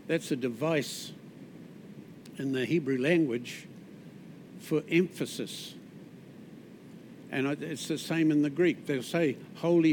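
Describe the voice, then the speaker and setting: A man with a New Zealand accent preaching a sermon in a conversational way, with asides and restarts, often dropping soft on key words. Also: fairly high pitch, slight background noise.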